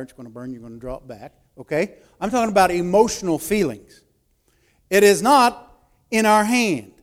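A male pastor preaching a sermon, repeating key phrases and swinging between loud urgent emphasis and hushed, intimate asides. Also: sits high.

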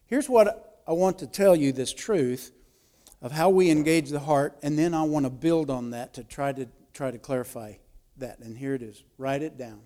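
A man with a notably high voice preaches to his congregation. He repeats and restates his points, jumping from loud, pressing emphasis to soft, close asides. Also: normal speed. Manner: swings from loud urgent preaching to hushed intimate asides. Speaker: pastor. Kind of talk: sermon.

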